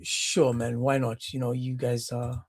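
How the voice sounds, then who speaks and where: A man's voice: medium pitch, monotone, unhurried, slightly rough, no echo, clean studio sound. A man hosting a heated live-stream debate, combative and mocking, often cutting others off. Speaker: debate host.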